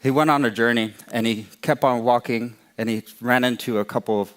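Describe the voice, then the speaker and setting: Male oral storyteller, unhurried, repeats phrases for rhythm. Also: mid-range voice, steady tone, a bit bright. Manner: slow, repetitive phrasing.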